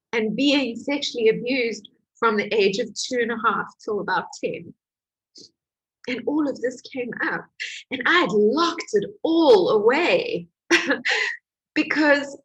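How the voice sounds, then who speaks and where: A woman who is a healing coach, telling her own story in an emotional, animated way with laughs. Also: on the high side, breathy edge, poor audio. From Portugal. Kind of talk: personal testimony to camera.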